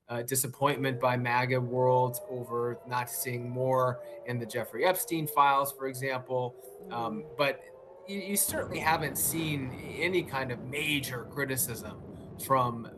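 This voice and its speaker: A man reporting live as a news correspondent, measured and pausing on fillers and restarts. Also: mid-range voice, a bit bright, slight background noise. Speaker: White House correspondent.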